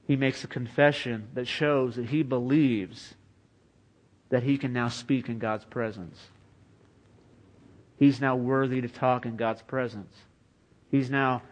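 A man's voice: medium pitch, dull audio. A man preaching a sermon in an earnest, conversational way, often saying "you know" as he goes. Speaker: pastor.

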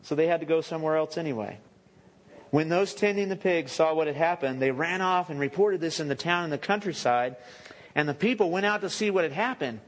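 A man's voice: fairly high pitch, brisk. A man preaching a sermon as pastor, speaking conversationally with joking asides and self-corrections. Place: church sanctuary. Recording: echoey church hall with long reverb.

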